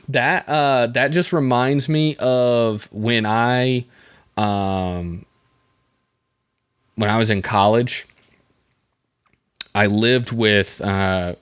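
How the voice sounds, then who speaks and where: A man's voice: fairly low pitch, clear, resonant tone, dry recording, studio quality. A young man hosting a casual solo podcast, rambling through a story with lots of fillers and restarts, chuckling at himself. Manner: self-amused, chuckling at his own stories. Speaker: podcast host.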